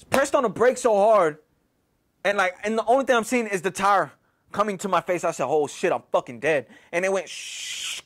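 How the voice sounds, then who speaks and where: Dude, high voice, cussing a lot, keeps saying you know and right. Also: male voice. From Houston, Texas. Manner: profane and rambling, full of "you know" and "right?". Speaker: storyteller. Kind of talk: casual storytelling.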